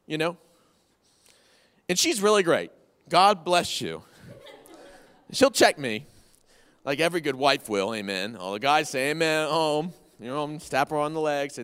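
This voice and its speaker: A man's voice: high-pitched, sing-song, moderate pace, pauses often, a bit bright. A man in his thirties preaching a conversational sermon, folksy and repeating key phrases for emphasis. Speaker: pastor. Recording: long hall reverb from the room.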